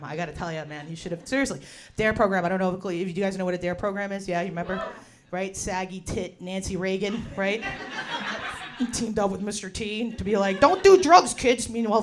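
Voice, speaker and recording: A woman in her forties from New York doing a brash, profane stand-up set in a bar, swinging from muttering to shouting. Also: mid-range voice, steady tone, a little fast, slight background noise. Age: 40s. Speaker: stand-up comedian. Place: bar with a live audience. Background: audience laughter.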